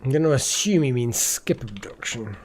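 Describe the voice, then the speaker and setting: A man's voice: mid-range voice, animated, normal speed, a little mellow. Sleepy guy rambling thru a game stream, voice bouncing up and down. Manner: rambling, chatty, repeats words. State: tired, yawning. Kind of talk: casual gameplay commentary.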